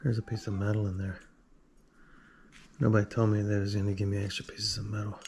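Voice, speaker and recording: A man's voice: fairly low pitch, little pitch movement, a little fast, gravelly, darkish tone, a little hiss or hum. A man with a drawl, working on a tool and talking to himself in a joking, rambling way. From Alabama. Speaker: video host. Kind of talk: casual workshop tinkering talk.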